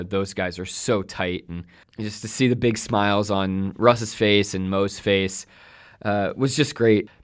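A man co-hosting a team basketball podcast, telling behind-the-scenes stories in a relaxed, casual way. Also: on the low side, smooth. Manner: relaxed storyteller, recounting behind-the-scenes moments. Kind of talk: casual sports chat.

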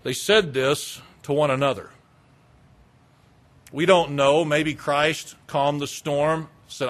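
A man preaching a sermon, retelling a story dramatically with repetition and swinging between loud passion and hushed quiet. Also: fairly high pitch, fairly even intonation, slow pace. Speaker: pastor.

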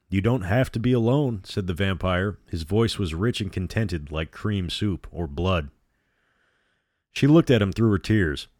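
Deep-voiced man narrating a horror story. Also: no echo, clean studio sound. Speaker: podcast storyteller. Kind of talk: scripted narration of a horror novel.

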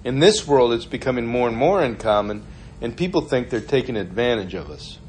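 A man's voice: medium pitch, expressive, fairly quick, a little mellow, a little hiss or hum. Chatty male preacher telling stories. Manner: conversational, storytelling, laughs often. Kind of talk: informal sermon.

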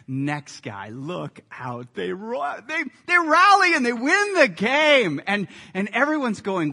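Male pastor, sermon, high, bright voice, animated storyteller. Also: slow, vocal fry, hardly any pauses, big-room sound. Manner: animated storytelling with lively sports anecdotes.

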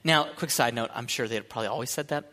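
A young man preaching a sermon, animated and joking, breaking into shouts and laughter. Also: medium pitch, fast. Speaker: pastor. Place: church hall. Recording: long hall reverb.

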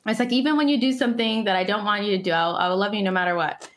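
A woman in her thirties with a young child, telling lively anecdotes in a casual conversation and laughing often as she talks. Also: mid-range voice, rapid-fire. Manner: animated, laughing storyteller. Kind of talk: casual chat.

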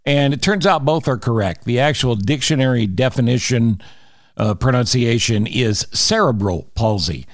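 A man's voice: mid-range voice, normal speed, dry recording, studio quality. A middle-aged man hosting a podcast, joking with a guest and then reading a jokey, promotional wrap-up. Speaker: podcast and radio host. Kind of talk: casual interview and show outro.

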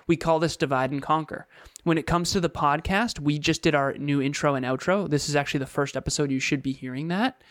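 A man's voice: a little high, fairly bright tone, dry recording, clean studio sound. A man co-hosting a podcast, explaining his views in earnest, casual chat with short repeated phrases. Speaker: podcast co-host.

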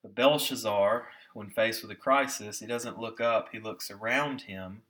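A man preaching a sermon with emphasis, slowing down to stress key words and putting rhetorical questions to his listeners. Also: lowish voice, fairly bright tone. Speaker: pastor.

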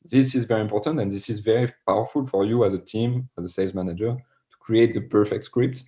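Casting: French-accented man, podcast guest, low and mellow, earnest, dull lo-fi audio. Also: fast talker. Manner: earnest, repeats words when explaining. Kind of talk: podcast interview.

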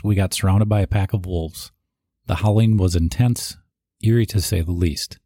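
This eulogy reader has a mellow voice on the low side. He reads written tributes aloud, occasionally pausing to add asides of his own and restarting as he goes. The studio-quality recording has no echo.

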